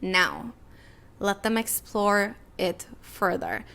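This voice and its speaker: A young adult woman hosting a podcast, giving casual filmmaking advice in a chatty, animated way and acting out little exchanges. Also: medium pitch, slow, gravelly.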